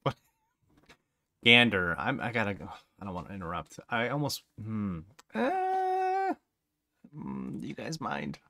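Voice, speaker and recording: A man talks through a reaction video in a casual, self-deprecating way. His voice sits a little low with a bright, forward tone, recorded dry and close. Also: wildly swooping pitch, a little slow, gravelly, dry recording. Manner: chatty, self-deprecating, laughs.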